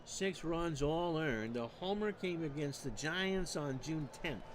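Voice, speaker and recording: A man calling baseball play-by-play for a streamed replay, measured and stat-heavy with dry asides. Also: fairly high pitch, expressive, a little hiss or hum. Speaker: play-by-play announcer.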